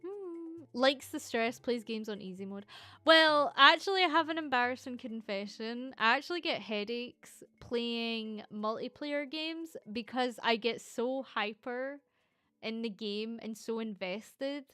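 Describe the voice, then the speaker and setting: A Scottish woman streamer chatting casually and reading viewer comments, excitable and teasing, swearing freely. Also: fairly high pitch, a little slow, smooth, no echo.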